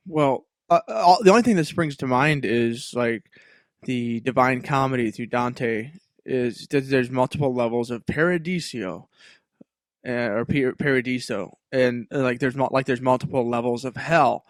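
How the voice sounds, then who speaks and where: A man asking curious questions in a casual podcast chat, with many fillers. His voice sits at a middle pitch and is recorded close on a dry mic. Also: normal speed, no room sound. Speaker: podcast co-host.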